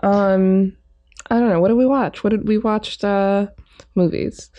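A woman co-hosting a podcast in casual chat, playful and quick with jokes, laughing often. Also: mid-range voice, steady tone, mellow, muffled recording. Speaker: podcast co-host.

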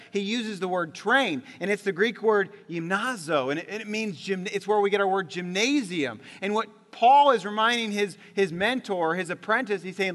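Bright high-voiced pastor in a reverberant hall. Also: male voice. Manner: leads the congregation in call-and-response declarations; dynamic, swings from loud emphatic peaks to low quiet drops. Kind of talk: sermon. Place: church sanctuary.

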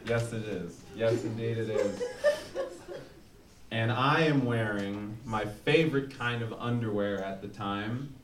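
A man performs live stand-up, spinning a rambling, crude, self-mocking story. His voice sits in an echoey room and comes from a distance. Loud noise runs under the recording. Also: on the low side, a little slow. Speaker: stand-up comedian. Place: live comedy show before an audience. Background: audience laughter.

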